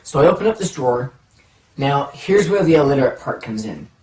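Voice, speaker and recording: A man telling a childhood story in an animated, playful way, dragging out pauses for suspense. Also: medium pitch. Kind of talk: personal anecdote storytelling. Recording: roomy, from a distance.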